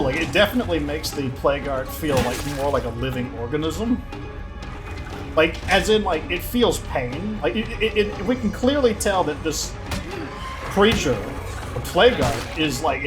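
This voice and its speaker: A man hosting a let's play, commenting in an excitable, rambling way and filling his talk with "like". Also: fairly high pitch. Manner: excitable, rambling, heavy use of "like". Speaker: gaming channel host.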